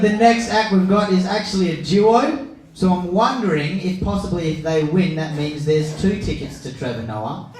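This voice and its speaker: A young man with a fairly high voice MCs a comedy night on stage in a pub function room, doing brash stand-up crowd work, teasing the audience and swearing freely. The mic picks him up from a distance in an echoey room, with background noise from the crowd.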